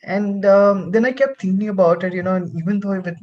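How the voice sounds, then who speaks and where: A participant telling a personal reflection in a casual group conversation, halting with many ums. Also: medium pitch, dull audio. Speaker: panel participant.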